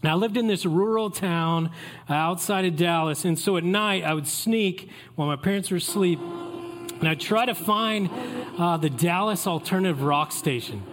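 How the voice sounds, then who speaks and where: Pastor, playful sermon. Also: male voice, sits high, moderate pace, a bit bright, a little hiss or hum. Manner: playful, joking asides to the congregation.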